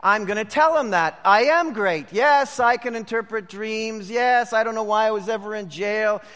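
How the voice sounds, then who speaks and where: A man's voice: high voice, normal speed, fairly bright tone, smooth, voice pushed up. A man voicing a boastful young male job seeker who brags about himself in a self-promoting way. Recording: long hall reverb.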